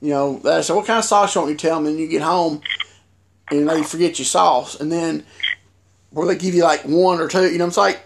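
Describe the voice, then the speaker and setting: A man's voice: fairly high pitch, fairly quick, creaky. A man chatting casually on a podcast, telling a long rambling story with many restarts. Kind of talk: casual chat. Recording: noisy podcast recording.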